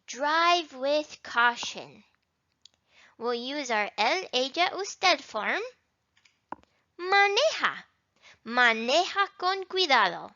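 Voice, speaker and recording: A woman gives an introductory language lesson with a high, bright voice that rises and falls a lot. She talks slowly and sounds words out with care. The recording is dry and a little dull. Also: dry recording. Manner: slow, careful modeling of Spanish words. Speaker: Spanish teacher.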